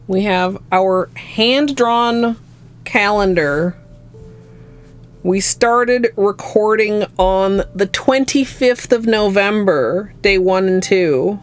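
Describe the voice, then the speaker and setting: A woman from Minnesota with a Minnesotan accent, chatting softly and rambling to her livestream chat. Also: medium pitch. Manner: soft-spoken and rambling, talking to chat. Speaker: nail art streamer.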